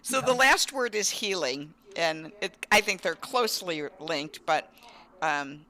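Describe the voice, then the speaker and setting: A woman hosting a casual interview, chatty and telling personal stories in an animated way. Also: on the low side, measured pace. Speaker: host.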